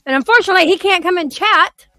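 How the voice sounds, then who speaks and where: High-voiced woman host reading comments. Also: quick pace, sharp tone, no room sound, faint music behind, poor audio. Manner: reads comments aloud, chatty. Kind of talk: casual live chat.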